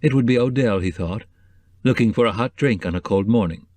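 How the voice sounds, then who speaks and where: A man narrating a novel in a measured, even way. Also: lowish voice, dry recording. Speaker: audiobook narrator. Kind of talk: scripted narration.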